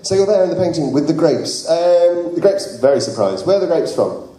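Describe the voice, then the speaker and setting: A man's voice: fairly high pitch, animated, a little fast. A man running an improvised role-playing game show, narrating playfully and laughing often in a big convention hall. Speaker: game master. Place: large convention hall with live audience. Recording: echoey hall, loud crowd.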